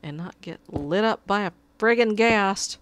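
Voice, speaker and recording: A woman's voice: medium pitch, unhurried, slight background noise. A woman giving casual gameplay commentary, muttering to herself and pleading with her cat at her desk. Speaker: gamer.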